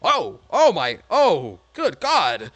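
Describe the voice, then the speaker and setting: Man playing a high-voiced official, loud and exclaiming, in a tabletop game. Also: wildly swooping pitch, slow pace, heavily acted. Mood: shocked.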